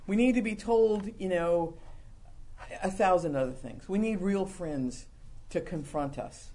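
Folksy, playful preacher man. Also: measured pace. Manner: folksy and humorous, acting out quoted lines, dropping soft and low for confessions. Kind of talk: conversational sermon.

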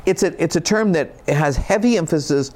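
A man's voice: a little high, moderate pace, darkish tone. A man preaching a sermon, reading scripture and explaining it in a conversational, folksy way with casual asides. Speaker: pastor.

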